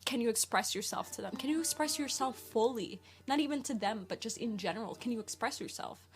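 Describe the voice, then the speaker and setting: Woman podcaster, fairly high voice, rambling, lots of ums and likes, faint music behind. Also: animated, a little fast. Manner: rambling, full of fillers, asks listeners questions. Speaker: podcast host. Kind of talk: casual spiritual podcast monologue.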